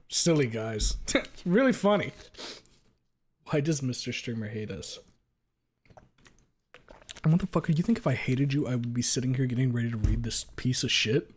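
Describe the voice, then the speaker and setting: A male streamer chats loosely with his audience in a mid-pitched voice. His talk rambles, and it is crude and full of swearing as he argues back at chat. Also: moderate pace, long pauses, breathy edge. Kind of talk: casual live-stream chat.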